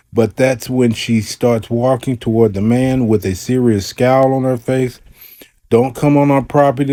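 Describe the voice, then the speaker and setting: A man's voice: mid-range voice, no echo. A man hosting a reaction video, giving his own commentary and then reading a news article aloud in a conversational way. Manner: relaxed, conversational, reads news aloud with asides. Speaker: commentary host.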